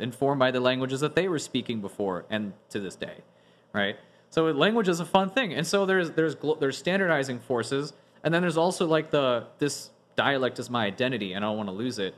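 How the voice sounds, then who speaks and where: A man's voice: on the high side, lively intonation, a little fast, fairly bright tone. A man hosting a casual podcast discussion, explaining at length with frequent restarts and "like" fillers. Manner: rambling, many restarts and "like" fillers. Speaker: podcast host.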